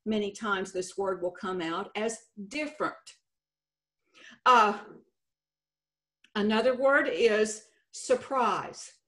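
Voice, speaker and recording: A woman's voice: mid-range voice, takes it slowly, fairly bright tone. A middle-aged woman with a Texan accent, a state contest director giving a folksy, lightly humorous conference presentation. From Texas.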